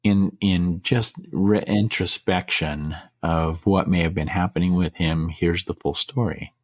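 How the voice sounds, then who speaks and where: A middle-aged man with a deep, low voice tells a personal story on a podcast. He speaks earnestly and haltingly, often stopping to restart a phrase. The recording is dry and close, with no room sound. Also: fairly even intonation, no room sound. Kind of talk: casual storytelling.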